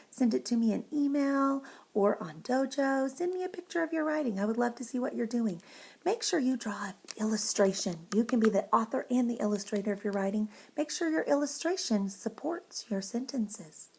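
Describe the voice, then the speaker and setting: A woman teacher reading a picture book to young children, expressive and often dropping to a whisper. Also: on the high side, normal speed, vocal fry, slight background noise.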